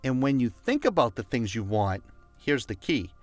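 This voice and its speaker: A man's voice: medium pitch, big pitch swings, normal speed, no echo, faint music behind. A man giving a motivational talk, emphatic and repetitive, leading listeners to repeat phrases after him. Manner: emphatic and repetitive, leads listeners in call-and-response. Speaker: motivational speaker.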